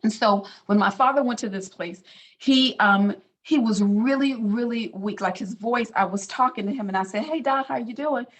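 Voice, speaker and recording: A woman's voice: medium pitch, normal speed, a bit bright. Chatty storytelling woman, middle-aged. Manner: casual storytelling, many fillers. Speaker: physician speaker. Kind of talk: personal testimony talk.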